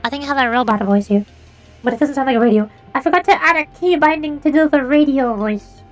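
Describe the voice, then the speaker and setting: Casting: a high-voiced woman streamer, chatty and joking, thinking out loud. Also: fast talker, soft background music. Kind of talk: casual live-stream chat.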